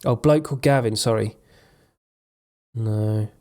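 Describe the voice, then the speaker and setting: A man's voice: on the low side, a little slow, darkish tone. A man from Suffolk, England, chatting casually and wryly on a live stream in a rambling manner. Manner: rambling, wry. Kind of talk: casual chat.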